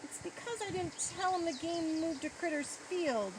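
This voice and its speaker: A woman voicing a young male critter ballplayer who speaks in a high, emphatic way. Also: normal speed. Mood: guilty. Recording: noisy outdoor recording.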